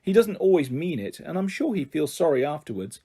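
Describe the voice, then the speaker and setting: Man doing a gentle, anxious mum. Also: a little high, very animated, brisk, slightly rough, exaggerated voice. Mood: soft. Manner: soft, coaxing, forced cheerfulness. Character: gentle anxious mother trying to cheer her daughter.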